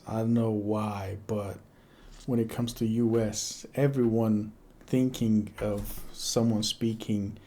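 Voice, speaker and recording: Dude reacting to a clip, slow drawl, dark mellow voice, stumbles and repeats words. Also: male voice, fairly low pitch. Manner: hesitant, repeats words while thinking. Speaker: reaction video host. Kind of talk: casual commentary.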